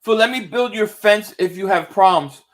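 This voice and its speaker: A high, bright man's voice that is loose and excitable. He calls football plays and answers viewer chat in a casual live-stream reaction, with a swear now and then. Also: moderate pace. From Philadelphia area. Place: home, indoors.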